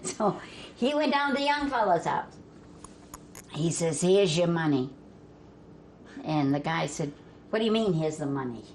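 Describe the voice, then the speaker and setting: An older woman from Vermont telling family stories in a folksy way, laughing as she goes and dropping her voice low for the men she quotes. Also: animated, unhurried, long pauses. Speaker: storyteller guest. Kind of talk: family storytelling. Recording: faint background noise.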